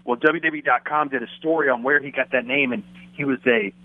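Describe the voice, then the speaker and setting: A man's voice: medium pitch, fast talker, dry recording. Man telling stories over a tinny line. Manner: animated storyteller, acts out quotes. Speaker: guest, former wrestling announcer. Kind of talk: casual podcast chat, storytelling.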